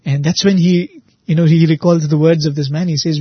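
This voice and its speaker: A man retelling a devotional saint story in a relaxed, conversational way, often pausing with "you know" and "uh". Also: fairly high pitch, breathy edge, no room sound, dull audio. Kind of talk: spiritual storytelling talk.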